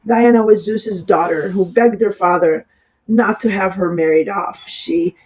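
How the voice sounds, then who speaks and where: Astrologer, raspy from a cold, casual and rambling, apologetic, plenty of fillers. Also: medium pitch, unhurried, low-quality recording. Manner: rambling, with many fillers and restarts. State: has a cold. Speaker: astrologer giving horoscopes. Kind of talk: casual horoscope reading.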